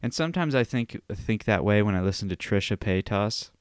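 A man's voice: lowish voice, brisk, clean tone, no echo, studio quality. Profane rambling male podcast host. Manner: profane, rambling, animated storytelling. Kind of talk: solo podcast rant.

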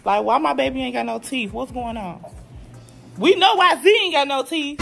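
A woman's voice: sits high, animated, normal speed, gravelly, over music. A young woman vlogging casually at home to her viewers, chatty and playful, full of slang. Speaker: vlogger and mother. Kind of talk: casual vlog talk to viewers. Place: home, indoors.

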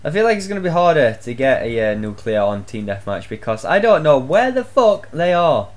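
A man's voice: medium pitch, very animated, a little fast. A young man giving gameplay commentary, swearing often and breaking into exasperated outbursts. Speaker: gaming channel host.

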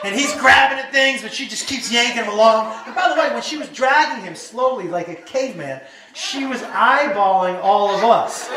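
High-voiced man doing stand-up. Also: normal speed, a crowd in the background. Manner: animated, shouting punchlines, acting out scenes. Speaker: stand-up comedian. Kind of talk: stand-up comedy storytelling. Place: live comedy venue. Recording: roomy live venue, heard from a distance. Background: audience laughter.

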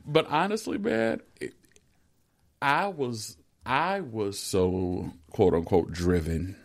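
A middle-aged man with a low, gravelly voice talks earnestly as a podcast co-host and pastor. He is encouraging and warm toward his listeners, and he stumbles over repeated words as each thought gets going. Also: expressive, takes it slowly. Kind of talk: casual pastoral conversation.

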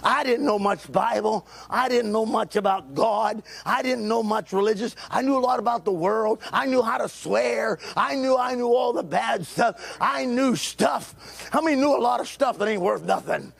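A man, preaching a fervent sermon in a church, repeating his phrases and often shouting them. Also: high voice, normal speed, creaky, breathy edge. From Texas. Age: late 70s. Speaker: pastor. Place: church sanctuary.

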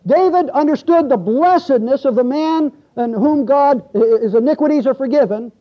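A man's voice: very high voice, normal speed, few pauses, muffled recording. A man preaching a sermon in a church, talking conversationally with the congregation and reading scripture aloud. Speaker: pastor. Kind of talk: expository sermon.

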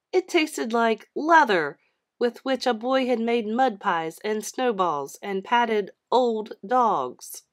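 Woman, children's book narration, animated intonation, expressive. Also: a little high. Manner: expressive, storytelling delivery. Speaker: read-aloud host. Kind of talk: storybook read-aloud narration.

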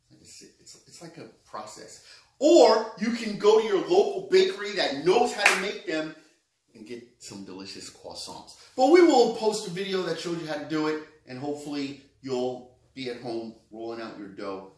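A chef hosting a casual question-of-the-day cooking show, joking and talking to the viewer by name. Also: male voice, fairly high pitch, sing-song, normal speed. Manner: playful, jokey, talks to the viewer by name. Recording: echoey room, mic at a distance.

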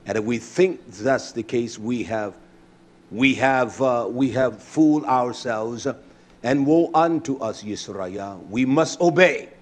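A man preaching a sermon with fervent delivery that moves between shouts and quieter stretches, breaking in with repeated hallelujahs. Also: mid-range voice. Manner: fervent, rising to shouts, then quieter and reflective.

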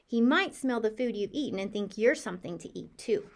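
A woman voicing a calm, patient schoolteacher in a children's story, gentle and instructive. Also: on the high side, brisk, creaky.

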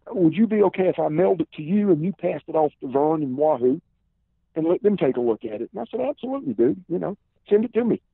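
Gravelly Southern man on a phone line. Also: fairly high pitch, dry recording. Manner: relaxed storyteller, many "uh" and "and" fillers. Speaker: podcast guest, former pro wrestler. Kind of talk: casual storytelling interview. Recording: tinny phone-line sound, dry.

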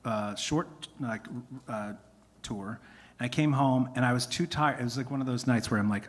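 A man's voice: fairly low pitch, brisk, breathy edge. A man, a singer-songwriter whose voice is tired from singing, telling rambling, self-interrupting stories on stage between songs at a concert. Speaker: singer-songwriter performing live. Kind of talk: casual storytelling between songs. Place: music venue stage. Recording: live concert stream, long hall reverb.

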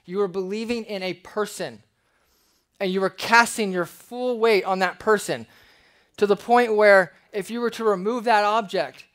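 A man preaching a verse-by-verse sermon in a church, reading scripture and acting out the people in his examples. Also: high voice. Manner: animated, acts out quoted voices. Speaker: pastor. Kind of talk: expository sermon.

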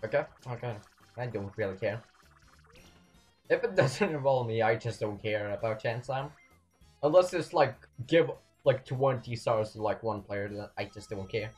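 Excitable young man yelling at a game. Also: mid-range voice, moderate pace, faint music behind. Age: young adult. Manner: excitable, yells and mutters at the game. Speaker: gameplay commentator. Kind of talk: let's play commentary.

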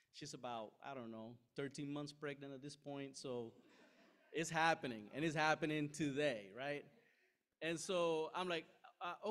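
A middle-aged man preaching a sermon, telling a story with lively asides and frequent "right?" checks to the room. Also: fairly high pitch. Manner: animated, self-deprecating anecdote with frequent "right?" asides. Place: church sanctuary.

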